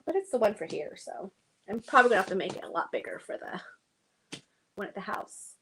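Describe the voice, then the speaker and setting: A woman's voice: mid-range voice, sing-song, a little fast, sharp tone, a little hiss or hum, low-quality recording. A woman hosting a casual sewing livestream, thinking aloud and chatting to her viewers as she works.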